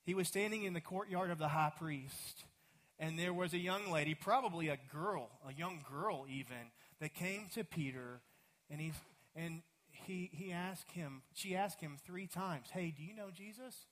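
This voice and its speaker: A man with a Texan accent preaching a sermon as a pastor, swinging from loud emphatic lines to hushed, slow, drawn-out words. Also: on the high side.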